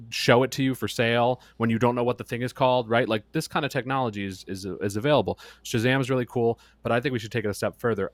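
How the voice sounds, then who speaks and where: A man's voice: lowish voice, no room sound. A man musing in casual podcast chat, rambling with lots of fillers.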